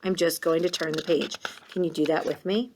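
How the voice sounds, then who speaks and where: A woman's voice: low voice, steady tone, brisk, a little mellow, a little hiss or hum. A woman teaching kindergartners a reading lesson, patient and encouraging, sounding out words. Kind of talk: read-along reading lesson.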